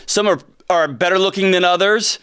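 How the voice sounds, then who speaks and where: Lively, joking male talk show host. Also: high-pitched, moderate pace, clean tone. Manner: animated, joking, sarcastic asides. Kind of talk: energetic talk show monologue. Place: studio. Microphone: close studio mic.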